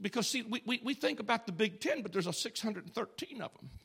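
High, gravelly preaching man. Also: expressive, quick pace. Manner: emphatic call-and-response preaching; swings from shouts to hushed tones. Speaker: pastor. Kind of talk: sermon. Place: church sanctuary.

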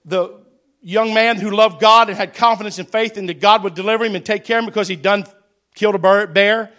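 A middle-aged male pastor preaching a sermon, telling folksy stories that swell into shouted preaching. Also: high voice, steady tone, fairly quick.

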